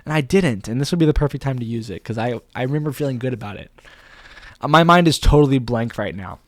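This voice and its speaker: A man's voice: mid-range voice, expressive, quick pace, dry recording. A young man vlogging casually, thinking aloud in a rambling, playful way. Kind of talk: casual talking to camera.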